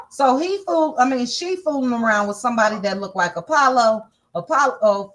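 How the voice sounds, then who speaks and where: A woman's voice: a little high, fairly bright tone. Sassy chatty woman gossip host. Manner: chatty, sassy asides, thinking aloud while scrolling. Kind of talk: casual livestream gossip chat.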